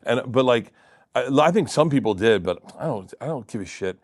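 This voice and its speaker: Animated storytelling man, lively pitch. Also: fairly quick, no echo, studio quality. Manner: rambling storyteller, swears freely, restarts often. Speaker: guest comedian. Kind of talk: animated anecdote telling.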